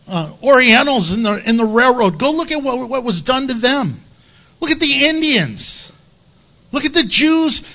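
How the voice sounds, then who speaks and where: A man's voice: very high-pitched, sharp tone. A man preaching an expository sermon in an impassioned, emphatic, conversational way.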